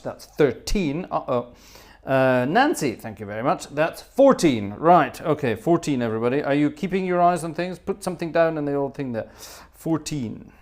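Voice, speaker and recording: A man hosting a live organ music stream, chatting playfully, thanking viewers and humming tunes between pieces. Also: on the high side. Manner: playful, teasing, hums tunes and reads out viewer names. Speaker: livestream host playing organ.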